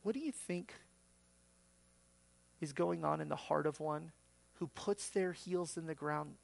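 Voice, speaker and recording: A male pastor delivers a sermon at an unhurried pace. His voice has a gravelly edge, and the sound is dry and close. He acts out quoted voices and jumps sharply upward for emphasis. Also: fairly high pitch, no echo.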